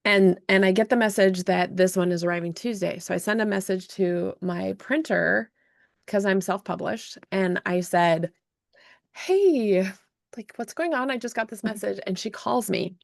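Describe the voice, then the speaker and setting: A woman hosting a podcast, telling an emotional story in an animated way, with frequent restarts. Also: medium pitch, moderate pace, gravelly, dry recording, studio quality. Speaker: podcast host and self-published author. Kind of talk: casual storytelling chat.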